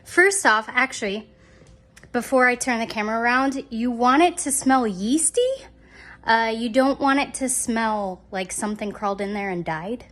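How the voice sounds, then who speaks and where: A woman's voice: fairly high pitch, normal speed, fairly bright tone. A woman talking casually to her phone camera at home in a chatty, giggly, self-mocking way. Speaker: vlogger.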